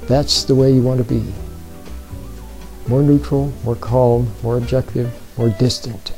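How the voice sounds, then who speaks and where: A man giving spoken self-help advice, slow and deliberate, who keeps repeating his points and checking in with the listener. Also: mid-range voice, flat delivery, dark tone, faint music behind, poor audio. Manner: repeats points and often checks in with "See?" and "Are you with me?". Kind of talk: plain spoken advice talk.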